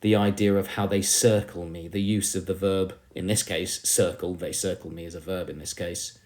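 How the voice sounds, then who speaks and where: A man's voice: low voice, fairly even intonation, normal speed, darkish tone. A male teacher with an English accent giving an emphatic poetry lesson, often calling the class "everybody".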